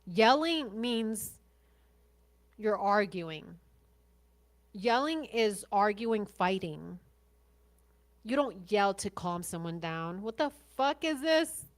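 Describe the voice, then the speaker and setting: A woman's voice: mid-range voice, lively intonation, slow pace, long pauses. A woman podcast host commenting on interview clips, blunt and sarcastic, swearing freely.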